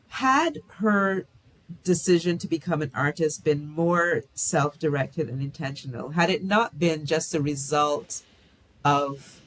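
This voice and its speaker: A woman author being interviewed, answering in a reflective way and pausing to search for words. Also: lowish voice, slight background noise. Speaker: author guest.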